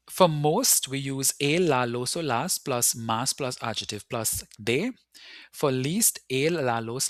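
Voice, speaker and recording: A man talks through a recorded Spanish lesson, patiently taking each rule in turn and slowing down to spell out the example words. His voice sits at an ordinary middle pitch. The recording is close and dry, with no room sound around it. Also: a bit bright, dry recording. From Caribbean. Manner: patient, explains step by step and slows to spell out words. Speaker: Spanish teacher.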